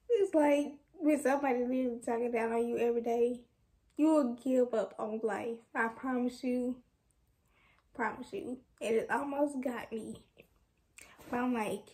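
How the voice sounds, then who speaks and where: High-voiced young woman venting frustration. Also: unhurried, pauses often, darkish tone. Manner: frustrated, candid, rambling with restarts. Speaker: vlogger. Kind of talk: casual venting to camera.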